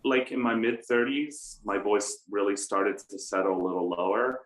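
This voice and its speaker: A man's voice: fairly low pitch, normal speed. American man talking in a roomy space. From United States. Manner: animated storytelling with self-deprecating humor. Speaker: opera baritone guest. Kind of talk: conversational interview. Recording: roomy room echo.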